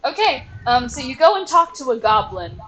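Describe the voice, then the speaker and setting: Animated woman game master, hissy mic. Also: sits high, moderate pace, rough recording. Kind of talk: narrating a tabletop game.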